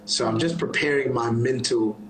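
A man's voice: mid-range voice, steady tone, moderate pace, echoey room, a little hiss or hum, low-quality recording. A man, a gospel singer, talking as a guest on a phone live-stream interview, giving earnest, encouraging, sermon-like advice. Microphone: phone on a live video call.

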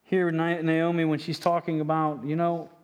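A man's voice: on the high side, completely flat delivery, normal speed, clear, resonant tone. A male pastor preaching a sermon with passion, often stumbling over his words and restarting phrases. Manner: impassioned preaching, frequent stammered restarts.

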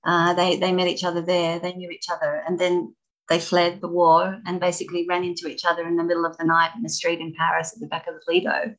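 A middle-aged woman, a former dancer, telling stories as an interview guest, animated and laughing often. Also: fairly low pitch, fast talker, rough recording. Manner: animated, laughs often, acts out voices in anecdotes. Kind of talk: casual storytelling.

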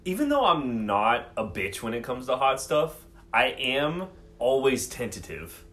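A man's voice: medium pitch, big pitch swings, measured pace, fairly bright tone. A man co-hosting a podcast in casual chat, inquisitive and cautious, laughing often. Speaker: podcast co-host.

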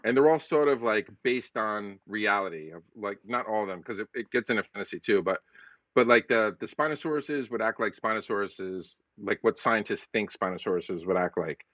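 A man's voice: on the low side, fairly quick, no room sound. A man co-hosting a podcast in casual chat, rambling and searching for words. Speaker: podcast co-host. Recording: dull dry lo-fi audio.

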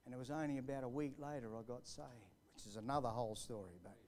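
A man preaching a sermon live in church, building to fervent emphasis and then dropping to a hushed storytelling voice. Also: medium pitch, fast talker. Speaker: pastor. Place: church hall, recorded live.

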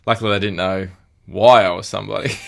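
A man's voice: fairly low pitch, steady tone, normal speed, gravelly, a bit bright. A man, co-hosting a casual podcast, who tells stories with plenty of laughter and swearing. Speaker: podcast co-host. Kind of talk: casual chat.

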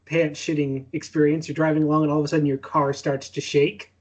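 A man co-hosting a casual podcast, his voice a little higher than most men's and noticeably husky. He talks with wry, blunt banter. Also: little pitch movement, fast talker. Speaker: podcast co-host.

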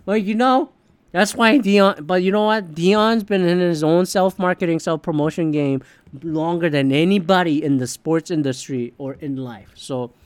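A man's voice: fairly high pitch, moderate pace, clear, resonant tone, dry recording. A man hosting a podcast, delivering a heated, profane, opinionated sports rant in casual talk. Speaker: podcast host.

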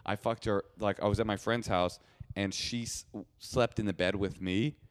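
A man's voice: on the low side, moderate pace. A man co-hosting a podcast, telling a rambling comic story with restarts and fillers. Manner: animated, rambling anecdote with frequent restarts and fillers. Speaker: podcast co-host. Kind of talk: casual comedic storytelling.

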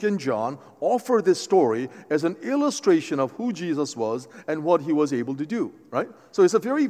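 A man preaching a sermon as pastor, animated and conversational, often restarting his phrases. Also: fairly high pitch. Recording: long hall reverb.

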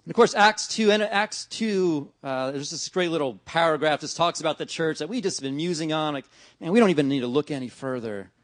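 A man's voice: fairly high pitch, expressive, brisk, no echo, studio quality. A middle-aged male pastor giving a conversational sermon, often acting out his talks with God. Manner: conversational preaching with many "right?" and "man"; acts out dialogues with God.

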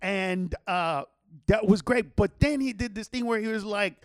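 A middle-aged man with a notably high voice tells a story in a casual podcast chat. He swears freely and rambles through restarts. The sound is close and dry, with no room around it. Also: moderate pace, clean tone, no echo. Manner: profane, animated, rambling with restarts. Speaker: comedian podcast host.

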